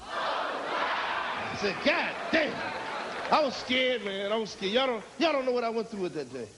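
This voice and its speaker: A man with a high, lively voice tells a profane stand-up story on a comedy club stage, bouncing between the voices of his characters. The live recording is noisy and packed with loud audience laughter. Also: moderate pace, a loud crowd. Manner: profane, animated, acts out other voices.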